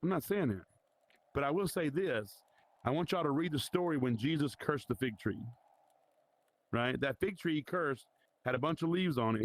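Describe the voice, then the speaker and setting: A man's voice: medium pitch, no echo. A man leading an informal Bible study in a virtual reality church, talking conversationally and challenging his listeners.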